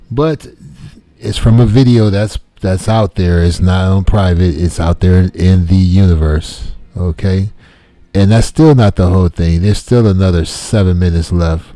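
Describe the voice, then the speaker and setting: A man's voice: low voice, mellow, no echo. A man hosting a channel, giving casual commentary in a laid-back, slangy way.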